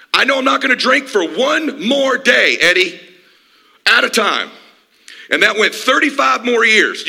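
An impassioned man in his fifties delivers a motivational talk from a stage. His voice sits high and cuts bright, with a gravelly, husky grain. He leans hard on every point with emphatic force. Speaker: motivational speaker. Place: stage before a live audience.

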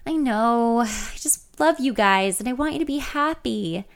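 A woman's voice: on the high side, expressive, measured pace, vocal fry, pitched above the performer's own voice. A woman voicing a bossy, chatty pregnant young woman who always thinks she knows better, with a confident and slightly smug manner. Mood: eager.

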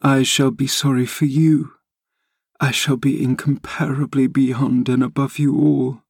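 A man's voice: mid-range voice, level tone, measured pace, gravelly, no echo, studio quality, voice pushed up. A man voicing a dying young woman, bitter and yearning, pleading with feverish passion.

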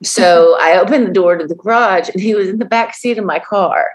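A woman's voice: mid-range voice, brisk. A woman co-hosting a podcast, chatting casually and telling stories with lots of acted-out voices. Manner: animated storyteller, acts out voices. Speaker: podcast co-host. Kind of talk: casual chat.

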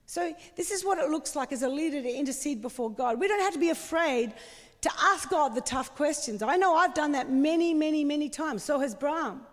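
A woman's voice: high-pitched, a little fast, long reverb tail. A woman preaching a sermon with passion and strong emphasis.

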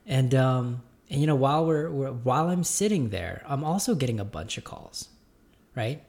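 A man in an unscripted, reflective talk to his audience, calling them "guys". He speaks at a mid-range pitch and keeps restarting and doubling words as he thinks aloud. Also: expressive, gravelly, a little mellow. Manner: halting, repeats and restarts words often; addresses listeners as "guys". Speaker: gym owner speaking to viewers. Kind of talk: reflective casual monologue.

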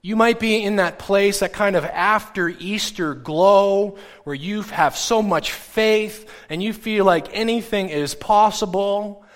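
A middle-aged male pastor telling a story in a sermon, animated and acting out the people he quotes. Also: sits high, takes it slowly, hardly any pauses. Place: church. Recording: long hall reverb.

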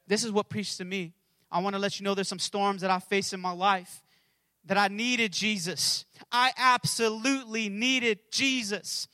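A male pastor preaching with a strikingly high, bright, ringing voice. He calls out to his congregation, swings from loud shouted prayers down to near-whispers, and sounds close and dry on the mic. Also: steady tone, moderate pace, no room sound. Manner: impassioned preaching, shouting prayers and dropping to a hush. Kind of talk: sermon.

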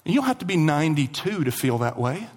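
Preaching from a church sanctuary, this man's voice sits on the higher side. His sermon is animated, with repeated phrases for emphasis and deliberate slowdowns on the points he stresses.

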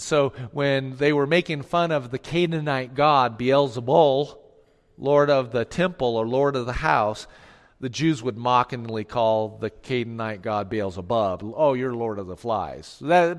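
A man of middling pitch preaches a sermon, pressing his points with rhetorical questions and acting out the lines he quotes. His voice carries a long reverb, as if from a church sanctuary. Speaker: pastor.

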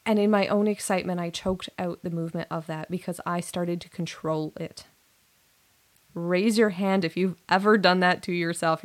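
A young adult woman talks through a personal story on her own podcast, earnest and a little rambling, often restarting her sentences. Her voice sits a touch lower than most women's. The delivery is casual and unscripted. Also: steady tone, normal speed. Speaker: podcast host and coach. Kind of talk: casual solo podcast monologue.

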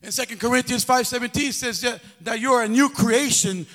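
High-voiced man preaching in an echoing hall. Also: moderate pace, hardly any pauses, sharp tone. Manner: call-and-response exhortation, breaking into sing-song. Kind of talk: sermon. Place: church hall. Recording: long echo of a big hall.

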